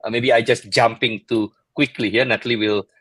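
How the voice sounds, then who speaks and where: A man's voice: mid-range voice, fairly even intonation, fairly quick, fairly bright tone, no room sound, rough recording. Interjecting male co-host, dry close sound. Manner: jokey, interjecting, loose grammar. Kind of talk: casual interview chat.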